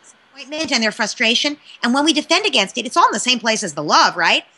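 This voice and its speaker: A woman speaking as a parenting expert in an interview, animated and often checking in with "right?". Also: fairly high pitch, fast talker, husky. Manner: animated, keeps asking "right?". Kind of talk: interview answer, advice.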